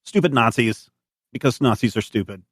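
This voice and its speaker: A man's voice: mid-range voice, moderate pace, slightly rough, dry recording, clean studio sound. A man narrating a tabletop game as game master in a loose, rambling way.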